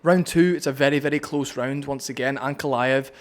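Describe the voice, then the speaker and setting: Speaking at a brisk clip with a medium pitch and steady tone, this man from Scotland picks apart a fight on his vlog. The MMA commentator is blunt, profane, and full of opinions.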